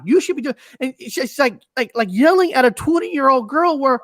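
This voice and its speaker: This man speaks with a very high voice and a halting, repetitive flow, the kind of talk you hear in casual conversation. The recording sounds dry and close, with no room around it. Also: lively intonation, no room sound. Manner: halting, repeats himself.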